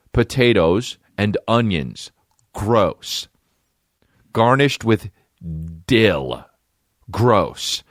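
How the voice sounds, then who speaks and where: A man in his thirties hosting a comedy podcast, ranting loudly and crudely, often jumping up into a high mocking voice. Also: no echo, studio quality. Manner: loud, profane, animated, jumps into high mocking pitch. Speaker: podcast host.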